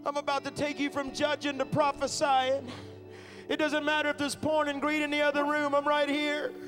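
God, calling out in a high, soaring voice that swells from hushed closeness into ringing fervor, as a preacher puts him on. Worship music plays behind him. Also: male voice, monotone, normal speed. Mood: thundering. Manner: intimate and low at first, rising to fervent shouts. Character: God, a tender then thundering divine voice.

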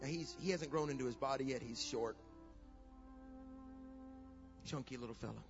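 A middle-aged man pastor preaching a sermon, telling a story that builds to shouted preaching. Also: mid-range voice, normal speed, music in the background. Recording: dull lo-fi sound.

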